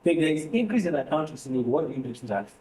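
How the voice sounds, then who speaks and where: A man's voice: a little high, lively intonation, racing, a little mellow. A man teaching a finance class, repeating numbers and quizzing his students. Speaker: finance tutor. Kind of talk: classroom lecture. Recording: roomy, distant classroom recording.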